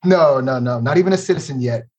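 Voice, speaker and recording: A man's voice: medium pitch, fast talker, a little mellow. Laid-back American man from Los Angeles. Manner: laid-back, joking, laughs a lot. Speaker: podcast narrator and guest. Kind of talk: casual interview chat.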